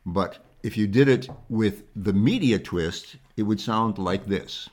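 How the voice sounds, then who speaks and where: A man's voice: fairly low pitch, a little slow, hardly any pauses, darkish tone. A man co-hosting a casual commentary chat, speaking in an emphatic, lecturing way.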